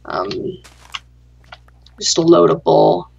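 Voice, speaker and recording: Low gravelly woman telling a story. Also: expressive, takes it slowly, a little mellow, dull audio. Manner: sarcastic, dry, swears freely. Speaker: gaming channel host. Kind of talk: casual storytelling chat.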